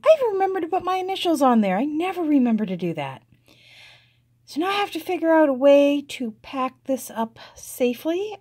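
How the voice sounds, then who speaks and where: A woman's voice: high-pitched, a little mellow. A woman chatting casually to viewers in a hobby vlog, self-deprecating and talkative. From United States. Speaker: cross-stitch vlogger.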